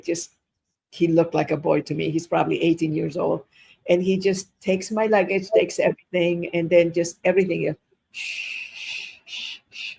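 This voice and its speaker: An older woman guest in an interview, telling personal stories in a lively, chatty way, acting out bits of dialogue and repeating words for effect. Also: lowish voice, gravelly, husky. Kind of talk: casual storytelling interview.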